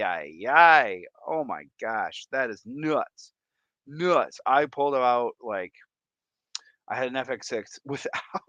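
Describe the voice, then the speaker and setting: A man hosting a casual livestream, excitedly reacting aloud to viewer comments. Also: medium pitch, no echo. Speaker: livestream host.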